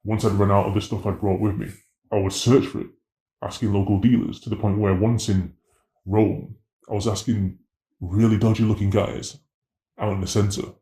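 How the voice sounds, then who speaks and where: A man tells his story in an interview, slangy and animated, acting out every exchange. His voice is low and mellow and carries the echo of a roomy space. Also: normal speed. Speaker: interviewee, former drug dealer.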